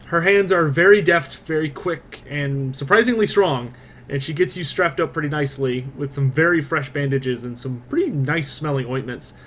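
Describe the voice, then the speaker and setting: A man narrating a tabletop game as game master, quick and descriptive, with frequent fillers. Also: on the high side, a bit bright, slight background noise.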